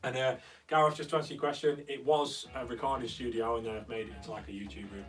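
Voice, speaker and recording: A man's voice: medium pitch, flat delivery, quick pace, fairly bright tone. A young man hosts a casual live stream from a converted studio room, chatting and answering viewer comments as they come in. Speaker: host. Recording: slightly distant mic with faint guitar music.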